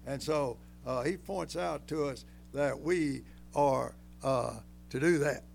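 Folksy older preacher with a gravelly voice. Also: male voice, slow pace, soft background music. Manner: folksy, emphatic, rising to shouts then dropping low. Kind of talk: sermon.

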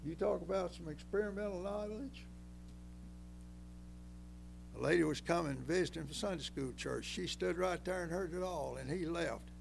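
An older man preaching a folksy, emphatic sermon that climbs to loud peaks and then drops low. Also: fairly quick, vocal fry, background noise.

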